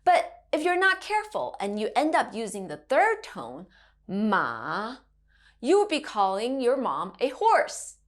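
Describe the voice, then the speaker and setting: A woman in her thirties teaching Mandarin to children, gentle and encouraging, modelling sounds in a sing-song way. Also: high-pitched, huge pitch swings, normal speed, few pauses. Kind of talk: children's language lesson.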